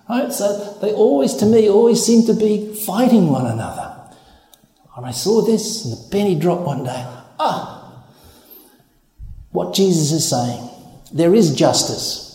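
A man's voice: sits high, lively intonation, measured pace, warm tone. A man preaching a sermon in an emphatic, conversational way, with laughs and acted asides. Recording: echoey hall.

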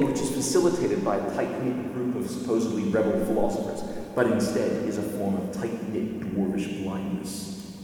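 A man giving a measured, reflective literature lecture, reading passages aloud. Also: lowish voice, darkish tone. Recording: echoey hall with long reverb.

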